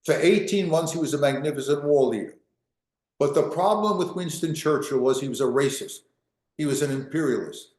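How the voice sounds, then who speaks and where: A man's voice: fairly high pitch, a little mellow, echoey room. A man, a history professor, giving an emphatic lecture and repeating key phrases for weight.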